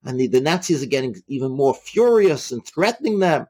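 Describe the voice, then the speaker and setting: A man retelling a religious story in a halting way, often repeating himself. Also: medium pitch, big pitch swings, darkish tone, slightly rough.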